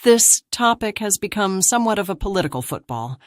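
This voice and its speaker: A woman reading scripted narration for a commentary video in a measured, even manner. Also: medium pitch, no room sound, studio quality.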